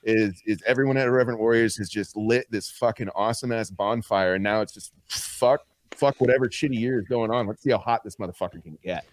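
A man's voice: fairly low pitch, fairly quick. A man talking as a podcast guest, boisterous and joking, with a lot of swearing. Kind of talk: casual podcast chat.

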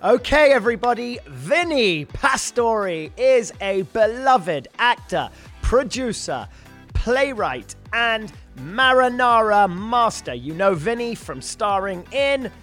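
High-voiced upbeat male podcast host. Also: big pitch swings, takes it slowly, a bit bright, faint music behind. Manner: upbeat and casual, with swearing and slang like "man". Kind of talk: podcast interview hosting.

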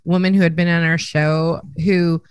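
A woman co-hosts a podcast and chats casually. Her voice sits fairly low and sounds dry and close, with no room echo. She is agreeable and quick to chime in. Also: little pitch movement, smooth. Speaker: podcast co-host. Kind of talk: casual interview chat.

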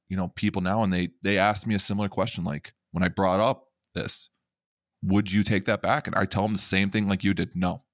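A middle-aged man with a very low voice talks on a podcast in an earnest, reflective way, often repeating his words as he goes. The recording is close and completely dry. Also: no echo. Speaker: podcast host. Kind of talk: emotional conversational podcast talk.

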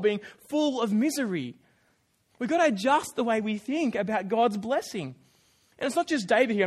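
A man preaching a sermon, telling the story with lively, acted-out asides and quick self-corrections. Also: very high voice.

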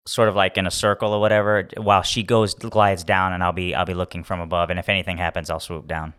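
A man playing a tabletop game, relaxed and slangy in how he talks. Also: sits low, quick pace, clear, resonant tone. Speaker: player.

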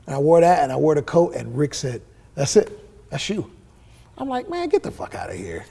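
With slight background noise, a middle-aged musician in a casual interview tells animated, profane stories, voicing the dialogue he quotes. His voice is fairly high, brisk and creaky.

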